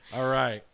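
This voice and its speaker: A man hosting a casual podcast, talking haltingly with many fillers and restarts. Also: noisy background. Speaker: podcast host.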